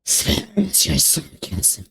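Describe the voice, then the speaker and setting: A man putting on a gravelly, hissing voice to read the lines of an arrogant, preachy ancient male ruler in a video game. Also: slow, pushed and bright, dry recording. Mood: menacing. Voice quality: gravelly strained put-on voice. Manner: hissing half-whispered villain delivery. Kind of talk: reading game dialogue aloud in character.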